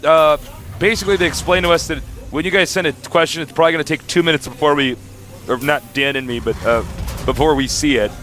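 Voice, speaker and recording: A man casting a live video game match with excitable, laugh-prone commentary. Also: fairly high pitch, quick pace, faint music behind. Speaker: esports caster.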